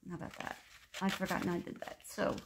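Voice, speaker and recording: A woman's voice: fast talker, a little hiss or hum. A woman in her sixties chatting casually as she shows off a handmade journal, gushing and meandering as she goes. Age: 60s. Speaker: craft vlogger. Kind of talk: casual craft show-and-tell.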